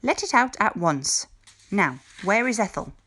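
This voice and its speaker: A woman's voice: medium pitch, sing-song, a little slow, a bit bright, voice pushed up. A woman voicing a stern, cold adult witch teacher who speaks in a clipped, weary way.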